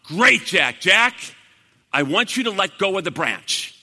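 A man voicing God as a booming, commanding voice calling down from above. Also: very animated, unhurried, bright, forceful tone, in a large hall, heavily acted.

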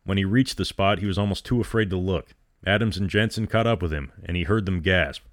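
A male storyteller reading a dramatic story aloud, measured and dramatic. His voice is very low and deep. The recording is dry and close. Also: no room sound. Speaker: storyteller host.

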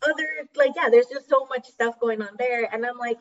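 Woman guest, chatty, fillers everywhere, somewhat high voice, dull far-off sound. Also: fairly quick. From Mexico. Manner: chatty, many "like" fillers, animated. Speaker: podcast guest, teacher. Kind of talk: casual conversational storytelling. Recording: muffled distant remote audio.

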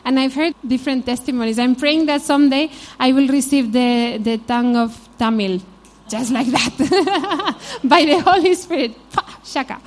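Spanish-accented woman preacher, warm and fairly high, casual storytelling sermon. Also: fairly quick, few pauses. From Spain. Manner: informal, frequent "you know", storytelling asides. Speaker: Bible teacher. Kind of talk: conversational sermon.

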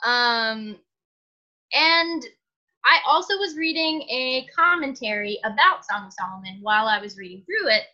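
Woman podcast co-host, bright sharp voice, slightly high, giggly chatty, dull lo-fi sound. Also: expressive, measured pace. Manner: giggly, chatty, lots of fillers. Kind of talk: casual podcast chat.

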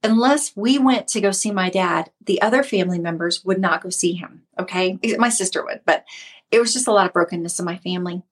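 A woman's voice: on the low side, a little fast, slightly rough. A middle-aged woman hosting a casual Christian livestream, teaching in a conversational way and greeting viewers by name. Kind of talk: casual devotional talk.

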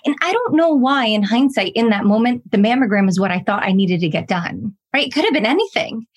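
Chatty woman in her forties, higher voice. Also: a little fast. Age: 40s. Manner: lively, chatty, acts out quoted dialogue. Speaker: guest, pathologist assistant and wellness coach. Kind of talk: personal storytelling in an interview.

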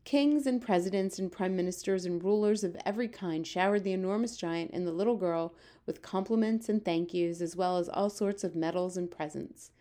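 A woman reading a children's book aloud with steady, expressive storytelling. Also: on the low side, fairly quick, few pauses. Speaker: reader.

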